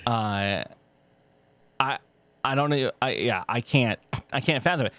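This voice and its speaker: A young man co-hosting a podcast, telling a story in casual, profane chat with sudden pitch jumps. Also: a little slow, fairly bright tone, no room sound. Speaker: podcast co-host.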